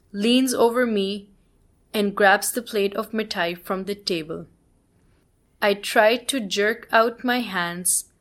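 A woman reading her own first-person story aloud in a plain, measured way. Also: medium pitch, fairly bright tone.

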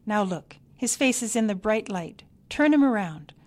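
A woman's voice: on the high side, lively intonation, normal speed, pitched above the performer's own voice, natural voice. A woman playing a bossy, fussing old grandmother. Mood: fussing commands. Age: older. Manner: shouted commands, fretful.

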